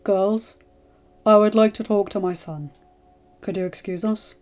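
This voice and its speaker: Lady reading as a stern lord dad, firm and measured, bit muffled, faint music. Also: mid-range voice, fairly even intonation, a little mellow, lightly acted. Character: stern grave lord and father.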